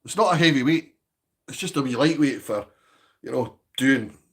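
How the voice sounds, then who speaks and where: A man's voice: mid-range voice, animated, moderate pace, fairly bright tone. A Scottish man chatting casually on a live stream from his home, reading out viewer comments and asking for likes.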